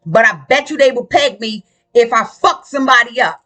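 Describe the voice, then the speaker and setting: A woman vlogger delivering a casual, ranting monologue. Her voice is bright and tense, and she talks in a blunt, profane, combative way. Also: a little high, a little fast, faint music behind.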